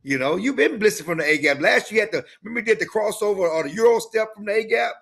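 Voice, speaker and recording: A man co-hosting a sports podcast in casual chat, animated and given to repeating himself. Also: high-pitched, rapid-fire, vocal fry. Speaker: podcast co-host.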